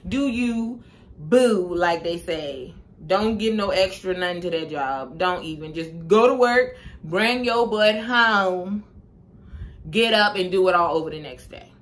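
A young woman vlogs straight to camera in a loose, chatty way. She is expressive and slangy, and her voice swoops widely. She takes her time and draws her words out. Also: fairly low pitch, unhurried. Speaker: vlogger. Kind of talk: casual chat to camera.

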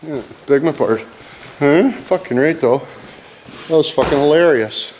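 A man's voice: on the high side, normal speed, a little hiss or hum. A man filming his buddies outdoors on a handheld camera, swearing, laughing and cheering them on in rowdy casual commentary. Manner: profane, laughing, excitable, calls everyone "boys". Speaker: vlogger filming friends.

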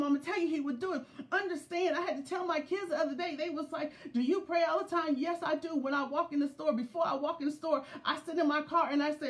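A middle-aged woman preaching a sermon in a fervent, repetitive cadence that builds to shouts. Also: very high voice. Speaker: preacher, pastor's wife.

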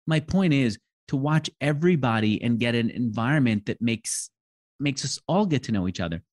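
Animated man telling conversation stories. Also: mid-range voice. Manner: animated, acts out quoted dialogue, tells stories fast. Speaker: podcast guest, interviewer and author. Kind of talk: casual conversation.

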